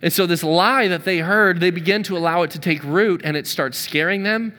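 A man on a church staff preaching a sermon, telling a story with lively energy and acting out the dialogue. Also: sits high, brisk, big-room sound. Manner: energetic, acts out dialogue in his stories.

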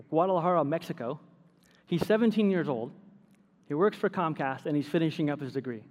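Male pastor, lively storyteller, fairly high voice, reverberant sanctuary. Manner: storytelling, animated, laughs at his own stories. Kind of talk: sermon.

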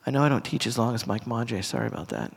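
A middle-aged pastor with a mid-range, creaky, husky voice talks fast as he gives a casual, earnest sermon to a congregation. He speaks conversationally, with restarts and asides, and the church hall adds a long reverb.

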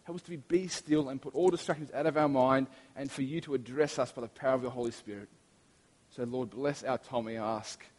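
Speaking briskly with a medium-pitched, steady voice, a man in his thirties preaches. His sermon, which includes prayer, is chatty and story-driven, full of restarts, and echoes with the long reverb of a big hall.

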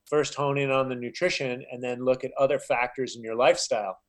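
A man's voice: mid-range voice, steady tone, fairly quick. Earnest preachy man giving an interview. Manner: earnest, preachy, strings thoughts with "you know". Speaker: podcast guest, health coach. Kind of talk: casual interview talk.

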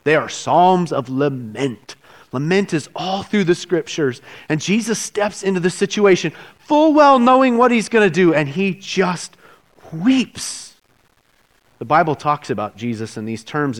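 A middle-aged male pastor with a notably high voice delivers a sermon in a casual, conversational tone. He is emotive and dynamic, rising to loud exclamations and sinking to near-hushed, somber phrases.

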